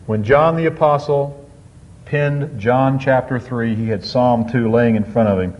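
Man, sermon, very slow deliberate delivery, emphatic scripture reading, muffled recording. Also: mid-range voice. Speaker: preacher. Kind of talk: sermon on a psalm. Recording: dull lo-fi sound.

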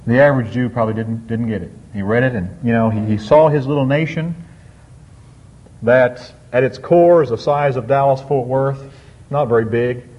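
A man preaching a sermon on a psalm, reading scripture slowly and drawing out key words with emphatic swings. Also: mid-range voice. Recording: dull lo-fi sound.

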